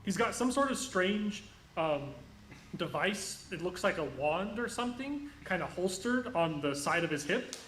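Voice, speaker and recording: A man's voice: high-pitched, expressive, a little slow, fairly bright tone, a little hiss or hum. A man narrating a tabletop game as game master, describing scenes in rambling, self-correcting bursts, recorded in an echoey room.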